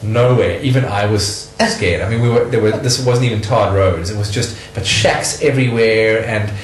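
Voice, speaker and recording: A middle-aged South African man telling stories in a casual interview, animated and laughing often. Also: on the low side, moderate pace, echoey room, a little hiss or hum, poor audio.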